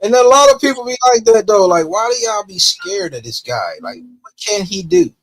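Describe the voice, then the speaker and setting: A man's voice: sits high, very animated, moderate pace, rough recording. A man hosting a casual stream chat, mostly giving short reactions and agreement.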